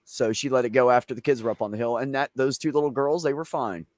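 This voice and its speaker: A man's voice: medium pitch, steady tone, fast talker, a little mellow, no room sound. A man hosting a casual chat show, telling long rambling family stories with plenty of swearing. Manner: profane, rambling anecdotes. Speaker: show host.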